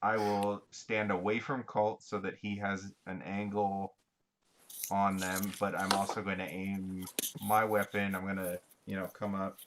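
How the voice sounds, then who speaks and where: A man's voice: low voice, flat delivery, a little slow, fairly bright tone, a little hiss or hum. A man playing a tabletop role-playing game, describing his character's moves in a rambling, hesitant way. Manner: rambling, hesitant, lots of fillers. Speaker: player. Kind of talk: casual tabletop play.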